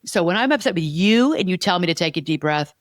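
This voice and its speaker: A woman's voice: lowish voice, expressive, quick pace, dry recording, studio quality. A woman hosting a podcast as a therapist, talking earnestly and explaining, repeating key words as she goes. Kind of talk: conversational podcast chat.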